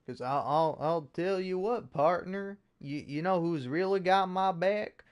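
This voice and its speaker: A man's voice: high-pitched, a little slow, clear, resonant tone. A man putting on a swaggering Southern redneck. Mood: smug. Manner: crude, swaggering, profane. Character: boastful loudmouth redneck man, proudly ignorant.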